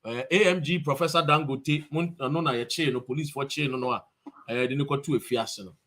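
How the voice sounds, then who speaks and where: A Ghanaian man livestreaming from a street demonstration, rousing viewers with repeated calls and shout-outs. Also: medium pitch, fairly quick. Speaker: activist streaming a demonstration. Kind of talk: live-streamed rally talk.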